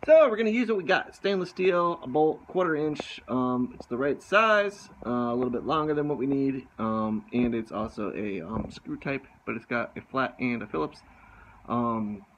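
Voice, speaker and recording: A man's voice: medium pitch, expressive, normal speed, a bit bright, a little hiss or hum, poor audio. A man casually narrating his own boat repair, joking and talking to himself while he works outdoors under a sailboat, recorded on a handheld phone. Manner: joking, wisecracking, talks to himself while working. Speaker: sailboat vlogger.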